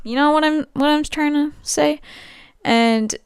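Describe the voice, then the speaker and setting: A young woman with a high-pitched voice hosts a podcast from home, speaking at a measured pace in a casual monologue. She talks candidly and rambles, with many fillers and frequent laughs, and the recording is dry with clean studio sound.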